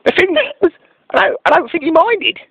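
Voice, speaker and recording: A man's voice: extremely high pitch, animated, bright, forceful tone, full character voice, low-quality recording. A man playing a bumbling, oblivious prank caller who stammers and restarts his sentences with a straight face. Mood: deadpan. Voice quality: halting, stammering delivery. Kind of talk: deadpan prank phone call.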